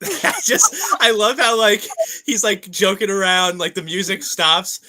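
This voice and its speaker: A man's voice: sits high, a little slow, bright, forceful tone. A man hosting a podcast recap, chatting casually with lots of fillers and laughter. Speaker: podcast host. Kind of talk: casual chat.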